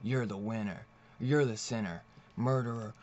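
A man's voice: fairly low pitch, fairly even intonation, moderate pace, darkish tone, slight background noise, close to an everyday voice. A man voicing a brash, boastful male political candidate in a mocking tone. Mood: taunting. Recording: dull lo-fi recording.

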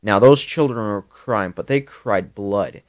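A man improvising a grisly Halloween story in a rambling, halting way. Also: lowish voice. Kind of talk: improvised spoken horror story.

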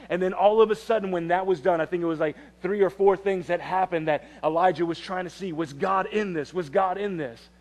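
A man preaching a sermon in a conversational way, often repeating phrases and restarting, and dropping to a hush for quiet passages. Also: sits high, fairly quick, few pauses. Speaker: pastor.

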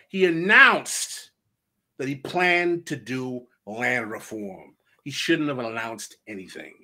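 A man, a guest author on a podcast, telling history in an animated way and acting out the quotes. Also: medium pitch, slow pace. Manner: animated storyteller who acts out quotes. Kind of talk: podcast conversation.

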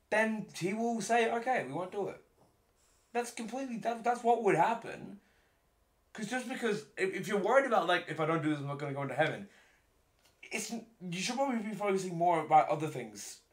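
A man co-hosting a casual chat podcast, animated and jokey, giving advice and repeating himself. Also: a little high. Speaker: podcast co-host.

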